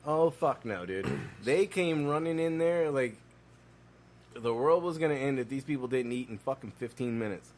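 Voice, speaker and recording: A man co-hosting a podcast, telling animated, profane restaurant stories in casual chat. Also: mid-range voice, moderate pace. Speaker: podcast co-host.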